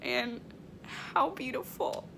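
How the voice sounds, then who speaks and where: A woman working as a medium, talking emotionally in a vlog, close to tears, halting with many restarts and fillers. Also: a little high, vocal fry, noisy background.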